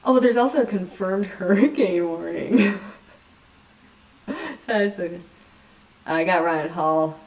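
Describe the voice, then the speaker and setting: A woman's voice: fairly low pitch, unhurried, long pauses, a little mellow, far from the mic. A woman hosting a casual livestream chat, rambling from topic to topic, giggling often and poking fun at herself. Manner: giggly, rambling, self-mocking. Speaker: livestream host.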